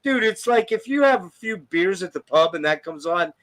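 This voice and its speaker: A man with a high, fairly bright voice speaks at a normal speed with animated delivery. Hosting a casual album review podcast, he gushes enthusiastically over the tracks and swears freely.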